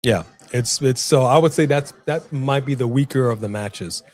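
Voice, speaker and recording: Man, mid-pitch, chatty livestream co-host. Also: normal speed. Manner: chatty, animated, addresses the chat. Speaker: co-host of a wrestling watch-along. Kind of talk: casual live-stream chat.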